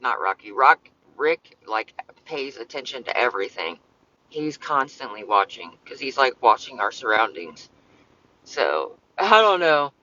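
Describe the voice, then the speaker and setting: A man chats on a casual livestream from inside his parked car, rambling and cursing as he answers commenters. His voice is bright and forceful, at a middle pitch. The phone audio is dull and lo-fi. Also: lively intonation, a little slow. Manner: rambling, swears often, talks back to commenters. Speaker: streamer.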